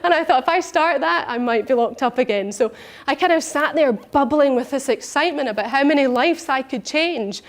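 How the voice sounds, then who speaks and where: Woman, high-pitched, animated storyteller coach. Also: brisk. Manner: animated, acts out her own thoughts in little voices. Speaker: personal development coach. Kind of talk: personal storytelling talk.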